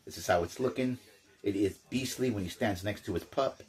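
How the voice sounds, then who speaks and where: A man's voice: fairly low pitch, brisk. Chatty older man rambling over a toy. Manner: rambling, chatty, jokey asides. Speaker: toy collector. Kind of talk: casual unboxing vlog.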